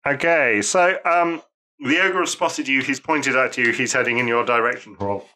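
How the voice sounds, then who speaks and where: A man's voice: mid-range voice, moderate pace. A man narrating a tabletop game as game master, telling the action with laughs and the odd swear word. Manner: lively, laughing, profane storytelling.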